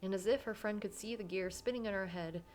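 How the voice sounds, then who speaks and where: A woman's voice: mid-range voice, quick pace, a little mellow, slight background noise. A woman reading a visual novel aloud, narrating dramatically and breaking off for casual asides. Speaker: game player reading aloud.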